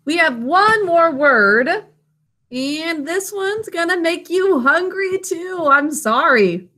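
A woman's voice: extremely high pitch, lively intonation, takes it slowly, pushed and bright. A woman teaching a spelling lesson to children, patiently sounding words out syllable by syllable over a video call.

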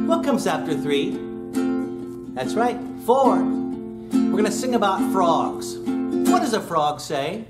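A man's voice: high voice, sing-song, slow pace, pauses often. A man teaching young children, singing and asking questions in an upbeat way over his guitar. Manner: upbeat, sings with guitar, asks kids questions. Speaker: children's music class teacher. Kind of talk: sing-along lesson for kids. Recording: roomy room with loud guitar. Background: acoustic guitar playing.

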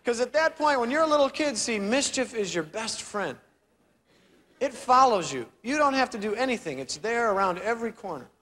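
High-voiced young comedian on stage. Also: male voice, moderate pace. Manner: animated, acts out characters with voices and sound effects. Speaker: stand-up comedian. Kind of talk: stand-up routine. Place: large theater stage. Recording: live theater recording with crowd noise. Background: audience laughter.

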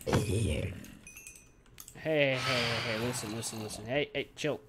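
A man's voice: mid-range voice, slow pace, heavy background noise. A young man giving casual, goofy commentary while playing a video game and talking to his in-game pet. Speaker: gaming YouTuber.

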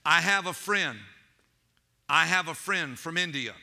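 A man's voice: on the high side, measured pace, creaky, sharp tone. A man preaching a sermon as pastor, telling stories with animation and calling out to his congregation as saints.

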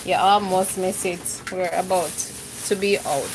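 A woman's voice: lowish voice, measured pace, background noise. A Jamaican woman hosting a casual home cooking livestream, playfully reading out viewer comments.

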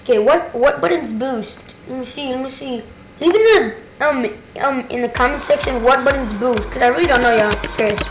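A young woman rambling casually over a driving game she is playing, excitable and swearing, yelling whenever something happens in the game. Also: high voice, brisk, background noise. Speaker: gaming channel host. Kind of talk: casual gameplay commentary. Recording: roomy with game music behind.

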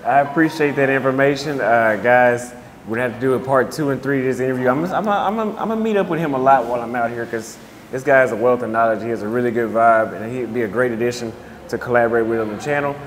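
A man's voice: medium pitch, fast, big-room sound, a little hiss or hum. A man hosting a channel, wrapping up an outdoor interview in a casual, friendly way with a little stammer. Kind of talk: casual wrap-up to viewers.

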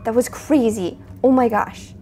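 A woman playing a spooky video game, chatting to her viewers in a jumpy, excitable way. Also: on the high side, unhurried, soft background music. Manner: jumpy, chatty, talks to viewers, frequent gasps and exclamations. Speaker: gaming video host. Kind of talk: let's play commentary.

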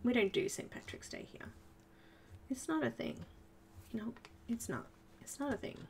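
A woman's voice: a little high, animated, normal speed, vocal fry, slight background noise. A woman chatting and giggling through a live coloring tutorial, talking to herself as she works. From Australia. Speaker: art tutorial host.

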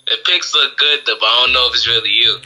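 A man talking on a call, suspicious and hesitant, with a very bright, sharp tone at a middling pitch. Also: quick pace, rough recording. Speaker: prank target on a call.

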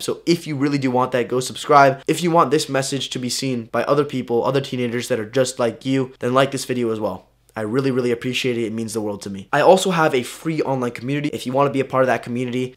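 Fast-talking earnest young man. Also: medium pitch. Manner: earnest, intense, repeats words when pressing a point. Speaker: self-improvement vlogger. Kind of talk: motivational talk to camera.

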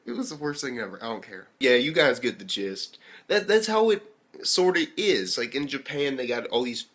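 Young american guy reviewing anime, swears a ton, goes from loud to whispery asides, mid-pitched voice. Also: expressive, normal speed. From United States. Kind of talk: casual profane review rant.

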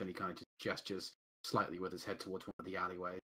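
A man's voice: deep voice, level tone, fast talker, sharp tone, a little hiss or hum. A man playing a tabletop game, speaking politely and formally in character. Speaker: player. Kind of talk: casual tabletop game play.

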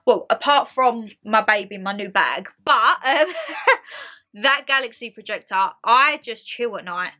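A woman's voice: medium pitch, moderate pace, few pauses, sharp tone. A young woman chatting casually to camera about her haul, calling viewers her lovelies. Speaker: haul vlogger. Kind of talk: casual product haul chat.

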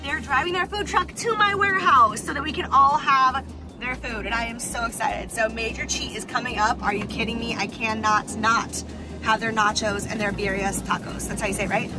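Female vlogger, higher voice, chatty and bubbly, talks over background music. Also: fairly even intonation, normal speed. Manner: chatty, gushing, sprinkled with "like" and giggles. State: hungover and tired. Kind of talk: casual vlog chat.

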